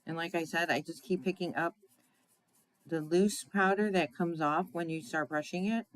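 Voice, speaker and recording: A woman's voice: lowish voice, fairly even intonation, moderate pace, a little hiss or hum, poor audio. A woman hosting a card-making tutorial in a chatty way, often checking in with "right?" and laughing at her own slips. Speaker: crafting demonstrator.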